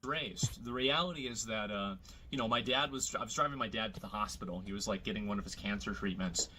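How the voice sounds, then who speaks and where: A man's voice: fairly low pitch, fairly quick, pushed and bright, a little hiss or hum, rough recording. A man in a played clip, speaking in a blunt, defiant monologue.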